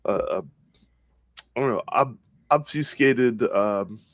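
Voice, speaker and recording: A man at a tabletop game speaking in a middle pitch, halting and searching for words. The sound is dry and close. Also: dry recording. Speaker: player.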